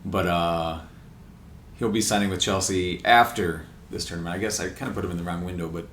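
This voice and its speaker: Low-voiced man chatting about soccer. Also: steady tone, fairly quick, a bit bright. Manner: enthusiastic, listing transfers with frequent laughs. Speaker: podcast co-host. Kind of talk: casual soccer chat. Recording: echoey room with faint noise.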